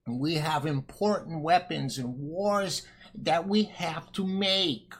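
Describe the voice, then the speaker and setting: Mocking caricature: scolding older woman official, voiced by a man, shrill and indignant. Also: slow pace, husky, exaggerated voice.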